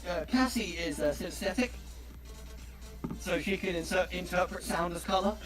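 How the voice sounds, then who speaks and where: A man's voice: high voice, normal speed. A man from southeast England with an English accent, chatting casually in a carefully enunciated, slightly pompous way. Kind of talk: casual chat on a stream. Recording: music playing behind.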